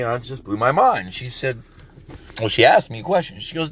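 A man's voice: mid-range voice, lively intonation, a little fast, a little hiss or hum. A man in his forties rants bluntly and profanely while putting on a redneck drawl. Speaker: parent vlogger. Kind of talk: casual rant to camera.

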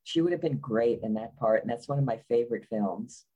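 A woman's voice: rumbling low, a little fast, mellow, breathy edge, rough recording. A woman author being interviewed, speaking in a wry, opinionated and blunt way. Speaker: biographer guest. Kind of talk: conversational interview.

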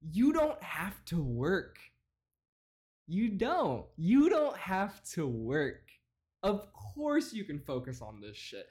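Lively profane ranting man. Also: high-pitched, slow. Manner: profane, mocking, laughs a lot. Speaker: podcast host. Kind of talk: ranting comedic commentary.

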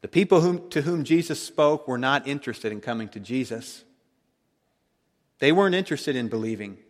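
A man preaching a sermon, emphatic, swinging between loud declarations and hushed tones. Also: mid-range voice, animated, normal speed, in a large hall.

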